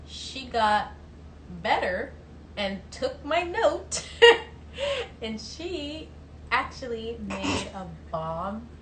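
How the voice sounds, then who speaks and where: A woman's voice: a little high, big pitch swings, extremely slow. A young woman from the American South chatting casually and in an easygoing way, often laughing. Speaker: singer on a livestream. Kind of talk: casual chat. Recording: echoey room, audible background noise.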